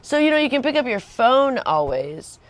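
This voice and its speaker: A woman's voice: high voice, very animated, moderate pace, no room sound. A woman hosting a home livestream, chatting in a rambling, casual way, laughing often and acting out the voices of people she quotes. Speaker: livestream host.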